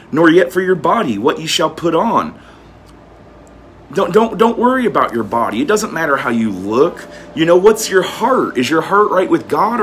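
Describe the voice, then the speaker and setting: A man with a high-pitched, fairly bright voice reads old-fashioned scripture and then explains it in plain, folksy talk, often repeating words. It's informal teaching with slight background noise.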